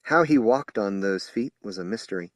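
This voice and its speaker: A man reading a horror novel aloud as an audiobook narrator in measured storytelling. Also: fairly low pitch, animated, no room sound, clean studio sound. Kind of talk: scripted narration.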